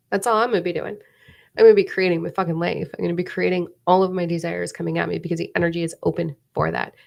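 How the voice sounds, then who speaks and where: A woman hosting a casual spiritual live stream, animated and swearing freely. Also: on the low side, fast talker, vocal fry. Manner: animated, swears freely, mock voices and whispers for effect.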